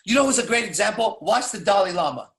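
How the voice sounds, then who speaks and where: A man's voice: sits high, lively intonation, quick pace, creaky, fairly bright tone. A man coaching in a blunt, profane casual monologue, firing off rhetorical questions. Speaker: dating coach.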